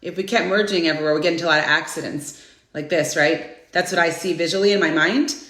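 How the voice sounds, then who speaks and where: A woman in her forties hosting a live inspirational stream, chatting casually and greeting viewers by name with bursts of excitement. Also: fairly low pitch, fast. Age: 40s. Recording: roomy echo.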